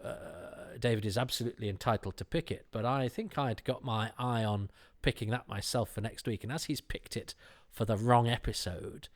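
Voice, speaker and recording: A man's voice: medium pitch, moderate pace. Rambling man hosting a podcast. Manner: rambling and self-deprecating, many fillers and restarts. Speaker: podcast host. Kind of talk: casual chat.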